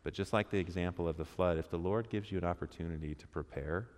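A men's church group hears an interactive sermon from a man whose low-pitched, slightly mellow voice moves at a quick pace. Conversational, he asks the room questions and acts out quotes as the hall reverberates.

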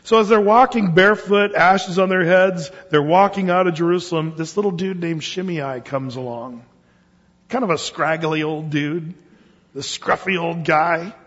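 A male preacher delivers a sermon in a lively, conversational way, firing off rhetorical questions. His voice is husky and sits a little high. It rings through a long-echoing hall on a muffled recording. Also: moderate pace.

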